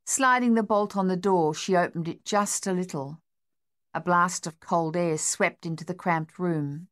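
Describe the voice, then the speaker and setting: With a fairly low pitch, a woman narrates an audiobook from a script, her storytelling steady and measured.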